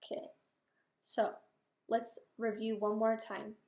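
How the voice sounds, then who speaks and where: A young woman speaks as a teacher in a practice lesson. She walks students through instructions in a clear, patient way. Her voice sits a little high, and the room rings with echo. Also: monotone, slow pace, darkish tone.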